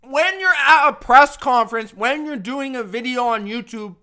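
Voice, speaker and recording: A man's voice: very high voice, moderate pace, pushed and bright, smooth. A man hosting a sports review show, ranting emphatically in casual talk, repeating himself and calling listeners bro. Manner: emphatic, repetitive, addresses viewers as bro. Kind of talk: casual opinion rant.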